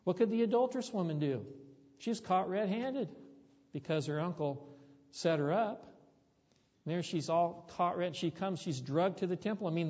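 A man's voice: on the high side, warm tone, long reverb tail, muffled recording. A man preaching a sermon, telling a story in a conversational way that rises to emphatic peaks.

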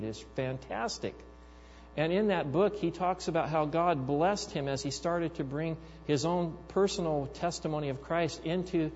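A man preaching a sermon, telling stories with animated, acted-out quotes. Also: a little high, in a large hall, muffled recording. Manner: animated storytelling, acting out quoted voices. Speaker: pastor.

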